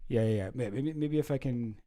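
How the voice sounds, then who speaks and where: Chill guy rambling on his stream, mellow voice, laughs a lot. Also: medium pitch, brisk. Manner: rambling and chuckling, reacting to chat. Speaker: streamer host. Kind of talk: casual livestream chat.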